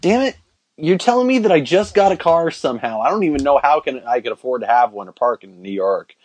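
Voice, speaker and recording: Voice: mid-range voice, expressive, a little fast, darkish tone. A podcast panelist joking wryly and firing off incredulous questions. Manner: wry, incredulous questioning with sarcastic jokes. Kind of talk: casual comedic podcast chat.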